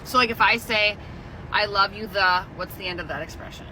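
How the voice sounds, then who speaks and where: A woman's voice: mid-range voice, a little fast. Woman, mid voice, patient and playful with a child, noisy phone clip. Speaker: parent or relative quizzing a child. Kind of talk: casual game with a child. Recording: phone video with clear background noise.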